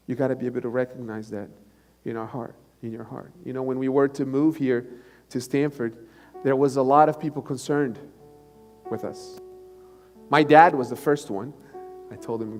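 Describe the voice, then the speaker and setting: A male pastor preaching a live sermon, moving between loud emphatic bursts and quiet, low passages and repeating key phrases for emphasis. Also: fairly even intonation, normal speed. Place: church sanctuary. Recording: live church recording with long reverb and music behind.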